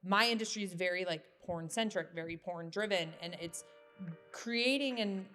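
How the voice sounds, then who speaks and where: A woman hosting a podcast in casual chat, candid and quick to laugh, swearing lightly as she goes. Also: fairly low pitch, a bit bright, soft background music. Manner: candid, laughs often, says freaking a lot. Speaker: podcast host.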